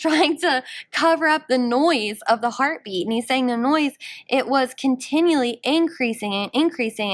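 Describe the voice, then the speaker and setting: A woman's voice: sits high, fairly bright tone. A woman teacher leading a guided reading lesson, conversational, asking her students questions as she explains the text. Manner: conversational, asks the class questions. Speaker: English teacher.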